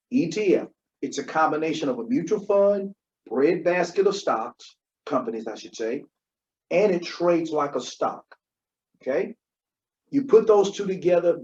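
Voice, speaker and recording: A man's voice: a little high, darkish tone. Emphatic man giving money advice. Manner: emphatic, repeats key points, asks "Okay?". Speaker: podcast co-host. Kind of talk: conversational financial advice. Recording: dull lo-fi recording.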